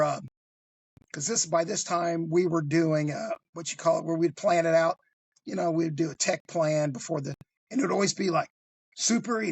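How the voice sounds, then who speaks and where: A man telling a tense true crime story in a casual podcast chat, lively and full of swearing. His voice is husky and a little rough. The sound is close and dry, with no room around it. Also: on the high side, dry recording. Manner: animated, swears freely, acts out voices. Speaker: guest storyteller.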